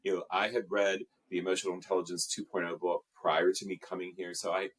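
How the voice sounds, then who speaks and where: Low, husky-voiced man, earnest guest. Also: level tone, fast, fairly bright tone. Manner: earnest, reflective, with many fillers. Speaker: guest, emotional intelligence trainer. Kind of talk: interview conversation.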